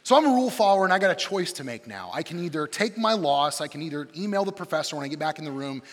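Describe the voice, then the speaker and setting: A man in his thirties preaching as a campus pastor, his voice sitting a bit higher than most men's. He tells funny, self-mocking stories with lively, shifting energy. The sound rings out with long reverb, as in a big hall. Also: racing. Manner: animated, self-deprecating storyteller with shifting energy. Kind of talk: humorous sermon with storytelling.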